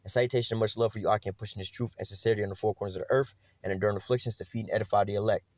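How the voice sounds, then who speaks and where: A man's voice: on the low side, steady tone, very fast, dry recording. A man teaching a casual Bible lesson in a conversational, emphatic way, full of fillers.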